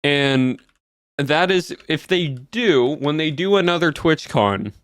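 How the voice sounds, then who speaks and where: A man's voice: on the high side, expressive, unhurried, clear, resonant tone, dry recording, clean studio sound. A man streaming, chatting casually with his viewers in a rambling way with many fillers and answers to chat.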